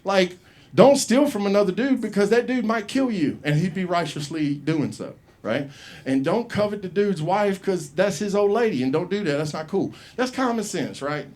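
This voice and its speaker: A man's voice: sits high, expressive, normal speed, a little mellow. A man telling a profane story as a stand-up comic at an open mic, acting out the people he quotes. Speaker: stand-up comedian. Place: comedy club stage.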